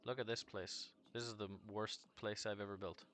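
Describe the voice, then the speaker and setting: A man chatting casually on a live game stream, rambling and swearing, his voice jumping from deep to screechy when excited. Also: normal speed, slight background noise.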